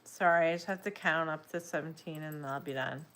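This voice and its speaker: A woman's voice: low voice, brisk, fairly bright tone. A woman chatting casually on a livestream while she crochets, rambling and apologizing as she keeps yawning. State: yawning, sleepy.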